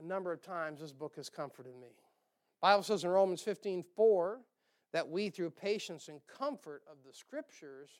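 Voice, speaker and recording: A pastor preaching with a high, clear voice. He swings between loud emphasis and quieter asides, voicing imagined listeners as he goes. This is a sermon to a congregation.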